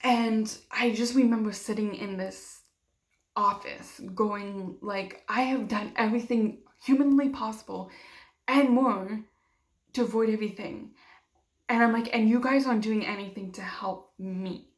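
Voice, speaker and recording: A woman's voice: medium pitch, fairly even intonation, a little slow. A young woman telling a personal story in a vlog, emotional and acting out what others said to her. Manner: emotional, acts out quoted dialogue, many fillers. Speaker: vlogger. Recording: roomy echo.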